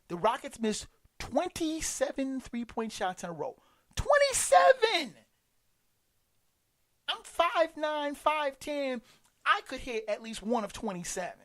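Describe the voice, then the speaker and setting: A man delivering a sarcastic, emphatic sports commentary monologue, stumbling and restarting often. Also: high-pitched.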